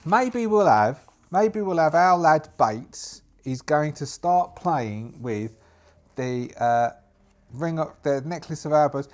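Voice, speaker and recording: A man's voice: a little high, animated, slow pace. A man narrating a solo tabletop game in a rambling, self-amused way, restarting often.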